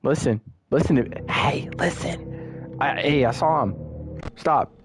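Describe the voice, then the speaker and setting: A young man giving casual, excitable commentary while playing a horror game, muttering one moment and yelling the next. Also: medium pitch, unhurried, music in the background. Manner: excitable, swings from muttering to yelling at jump scares. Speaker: gaming streamer.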